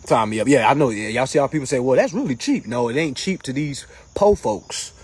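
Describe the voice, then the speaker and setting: A man hosting a casual livestream, answering comments in an animated, mocking way that swings between loud jokes and low asides. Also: a little fast, husky. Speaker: livestream host reading comments.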